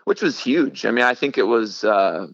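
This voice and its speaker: Halting young man telling his story. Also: medium pitch, animated, vocal fry, a bit bright, dry recording, dull audio. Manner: halting, many fillers and restarts, laughs often. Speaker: middle school ministry director, guest. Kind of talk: casual storytelling interview.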